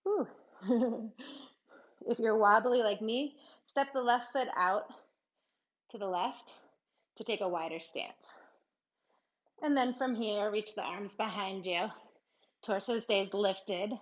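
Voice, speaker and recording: A woman leads a yoga class with short, unhurried cues, her breath a little labored from moving along with the poses. She keeps a light, self-amused manner, laughing at herself between instructions. Her voice sits at an ordinary middle pitch, and the recording sounds slightly dull.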